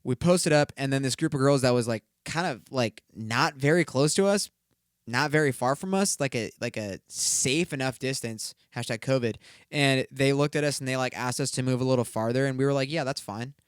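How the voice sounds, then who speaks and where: A man's voice: mid-range voice, fairly quick, clean tone, no room sound, clean studio sound. A young man hosting a solo podcast, telling a story in a rambling, profane way, full of fillers. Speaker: podcast host.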